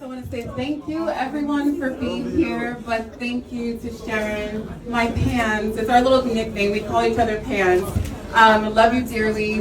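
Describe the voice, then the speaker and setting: A woman with a slightly high voice gives a heartfelt thank-you speech at a store launch, emotional and laughing through it. She sounds distant from the mic, in an echoey space, with a loud crowd around her. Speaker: businesswoman giving a launch speech. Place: busy store launch event. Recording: echoey, from afar, amid a crowd.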